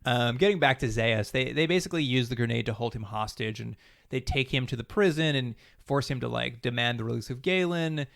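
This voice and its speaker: Co-host, male, rapid-fire and gravelly, casual rambling recap with quoted lines. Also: medium pitch, a bit bright. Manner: fast, rambling retelling with acted-out quotes and laughs. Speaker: podcast co-host.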